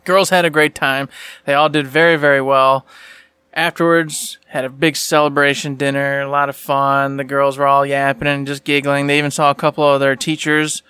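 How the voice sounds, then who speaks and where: A man's voice: medium pitch, flat delivery, normal speed, pushed and bright, clean tone, no echo. A man co-hosting a casual podcast chat, telling easygoing, chatty stories. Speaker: podcast co-host.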